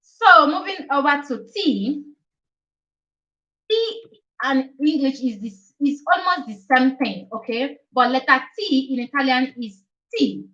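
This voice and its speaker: Her voice slightly high, this Italian teacher chats her way through the alphabet on a laid-back live stream, repeating every letter and frequently asking "okay?". She talks a little slowly, with hardly any pauses. Being far from the mic leaves her sounding distant, dull and muffled.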